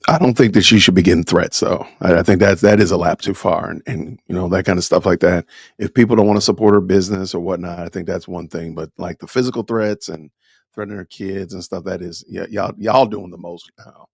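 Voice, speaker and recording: A man's voice: low-pitched, a little fast, creaky, breathy edge, no room sound, studio quality. A man hosting a podcast, giving emphatic, scolding commentary with a preacher-like cadence. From Atlanta. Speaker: podcast host. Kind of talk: commentary on a news clip.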